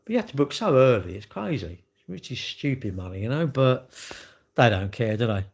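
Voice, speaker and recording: A man's voice: mid-range voice, sing-song, fairly quick, vocal fry. A middle-aged man, chatting casually and cheekily with viewers on a livestream. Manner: chatty, cheeky banter, swearing. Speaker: livestream host. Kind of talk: casual livestream chat reading comments.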